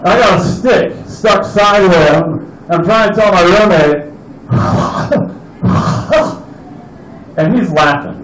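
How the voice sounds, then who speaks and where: A man's voice: high voice, normal speed, few pauses, a bit bright, echoey room, slight background noise, low-quality recording. A man doing open mic stand-up, telling a rambling, profane camping story. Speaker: stand-up comedian.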